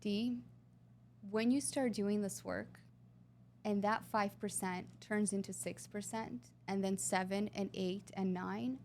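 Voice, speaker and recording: A woman's voice: mid-range voice, fairly even intonation, slow pace, darkish tone, slight background noise. A woman talking earnestly and with emphasis as a guest in a conversational interview. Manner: earnest, emphatic, sometimes drawn out. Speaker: podcast guest.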